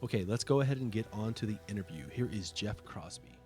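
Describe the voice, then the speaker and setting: Low-voiced casual podcast host, a man. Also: lively intonation, fast talker, over loud music. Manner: loose and conversational, heavy on fillers like "uh" and "like".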